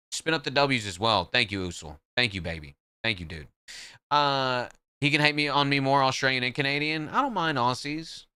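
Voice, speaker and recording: A man's voice: medium pitch, expressive, brisk, pushed and bright, clear, resonant tone. A man streaming live, trading joking, profane banter with his chat in casual talk.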